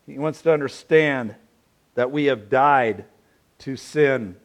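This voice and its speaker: A man preaching a sermon, playful and animated, drawing answers from his congregation. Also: medium pitch, takes it slowly. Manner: animated, playful, asks the audience questions. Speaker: pastor.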